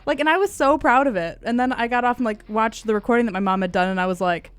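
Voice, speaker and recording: A woman's voice: fairly high pitch, fast talker, smooth, no echo. Sheepish young woman co-host, laughing. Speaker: radio show co-host. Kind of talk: casual studio chat.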